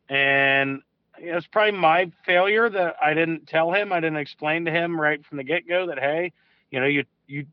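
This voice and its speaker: A man's voice: medium pitch, dry recording. A man, a fishing guide calling in to a show, telling a long story in a loose, casual way with restarts and the odd swear word. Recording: dull lo-fi call audio.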